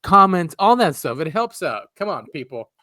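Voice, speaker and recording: A man's voice: high voice, sing-song, normal speed, bright, forceful tone, no echo, clean studio sound. Laid-back man plugging his podcast. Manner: laid-back, leans on "you know", upbeat when plugging the show. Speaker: podcast co-host. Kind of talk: casual chat.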